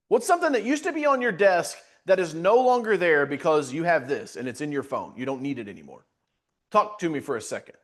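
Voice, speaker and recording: A man coaching business owners in a live webinar, energetic and joking, repeating points to drive them home. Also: fairly high pitch. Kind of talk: webinar presentation.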